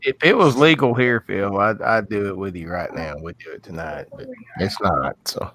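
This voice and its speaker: A man's voice: lowish voice, moderate pace, fairly bright tone, a little hiss or hum. A man teasing in easygoing casual banter on a livestream.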